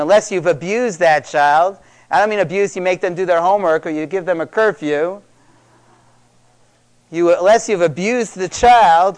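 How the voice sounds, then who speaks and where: A man's voice: sits high, clear, resonant tone. A middle-aged man speaking to a live audience about parenting, conversational and emphatic, repeating key words for stress.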